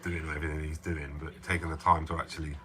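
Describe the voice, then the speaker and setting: A man's voice: very deep voice, little pitch movement, fast talker, a bit bright. A man from England chatting casually on a livestream from a car workshop, jokey and sweary, often laughing. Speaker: car vlogger on a live chat. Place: busy workshop with a dyno. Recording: noisy crowded workshop.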